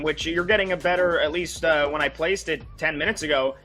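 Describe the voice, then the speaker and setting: Bright-voiced male betting radio host. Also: a little high, fairly quick, soft background music. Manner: rambling, with many fillers and restarts. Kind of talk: casual betting analysis.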